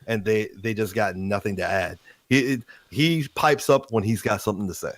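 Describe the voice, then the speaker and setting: A man co-hosts a casual online call show and chimes in with dry, wry asides. His voice sits low, and the sound is dry, over a voice call. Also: animated, a little fast, hardly any pauses, no echo. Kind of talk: casual stream chat.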